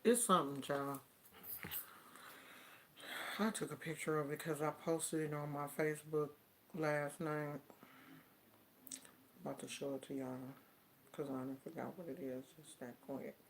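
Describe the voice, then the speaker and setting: Woman vlogger just talking to her viewers, slow and lowish voice, stretches her stories out. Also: slight background noise. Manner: animated, drawn-out storytelling. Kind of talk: casual chat to camera.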